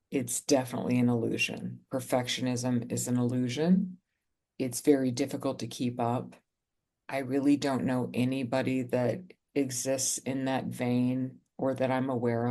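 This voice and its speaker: A podcast co-host telling a personal story in relaxed conversation, earnestly, slowing down to reflect. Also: medium pitch.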